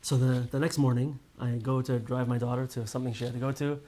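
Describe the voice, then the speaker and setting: A man teaching a casual Torah class to a small group. He tells stories with lively ups and downs, restarts often and keeps asking "right?". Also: medium pitch, fast talker. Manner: lively storyteller, many restarts and "right?" tags.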